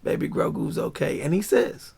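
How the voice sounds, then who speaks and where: A man hosting a casual, animated episode breakdown, full of slang and laughter. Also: fairly high pitch, moderate pace, vocal fry, slightly rough. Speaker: show recap host.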